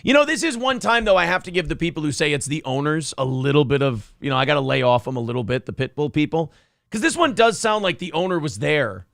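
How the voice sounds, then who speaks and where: Male comedy co-host, gravelly and slightly high, dry close sound, sarcastic riffing. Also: fast, no room sound. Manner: sarcastic, mocking, animated. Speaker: podcast co-host. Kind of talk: comedic news banter.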